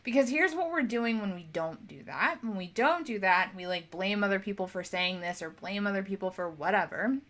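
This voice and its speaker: Young woman, spiritual coach, bright tone; blunt, swears, acts out quotes in a casual pep talk. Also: medium pitch.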